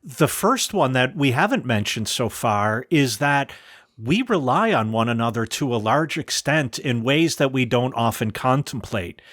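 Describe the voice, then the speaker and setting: A man co-hosting a philosophy podcast, explaining ideas in a thoughtful, measured way and posing rhetorical questions. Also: medium pitch, animated, fairly bright tone, no echo, studio quality. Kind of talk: casual philosophical discussion.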